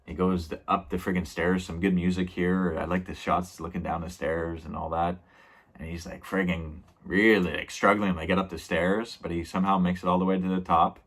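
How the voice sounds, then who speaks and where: Low-voiced casual male reviewer. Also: level tone, moderate pace, fairly bright tone. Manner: rambling, lots of fillers and laughs. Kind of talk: casual episode recap.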